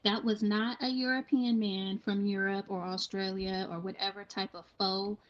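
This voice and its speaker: A woman's voice: medium pitch, flat delivery, normal speed, lo-fi sound. A woman in casual commentary, earnest and cautioning, often restarting her sentences.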